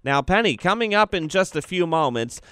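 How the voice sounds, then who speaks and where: A man's voice: a little high, animated, moderate pace, pushed and bright, clean tone, dry recording, studio quality. A man hosting a talk radio show, chatting conversationally with his guest and reading out the call-in number. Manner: conversational, reads out phone numbers, sets up segments. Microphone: studio mic.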